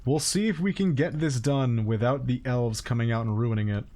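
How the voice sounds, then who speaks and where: A man giving casual, wry commentary while he streams a colony game, scolding his characters out loud. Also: moderate pace. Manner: wry, talks to his game characters, swings into high-pitched exasperated yelps.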